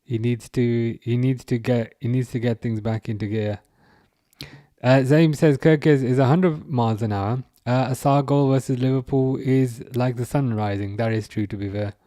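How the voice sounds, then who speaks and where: A man hosting a casual live football watchalong, reading out chat, laughing often and tripping over his words when he gets excited. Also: medium pitch, normal speed, no echo, clean studio sound. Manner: excitable, laughing, stumbling restarts. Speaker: livestream host reading chat.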